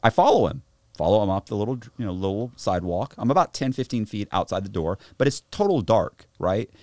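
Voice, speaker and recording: Casting: low-voiced male guest, animated, slangy storyteller, dry studio sound. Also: brisk, no room sound. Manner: animated, restarts, lots of slang. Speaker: podcast guest. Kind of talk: casual storytelling.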